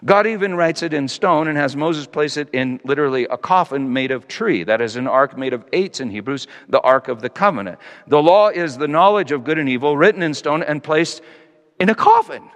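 A man preaching a sermon, his slightly high voice rising and falling in a lively way. He reflects as he talks and slows down to stress key phrases. The sound carries a long echo from a large hall. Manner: reflective, wide-ranging pitch, slows for emphasis.

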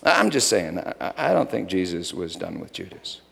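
A man preaching a sermon as a pastor, shifting from dramatic storytelling to soft, meditative guidance. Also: low voice, very animated, moderate pace, creaky, slightly rough. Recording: long hall reverb.

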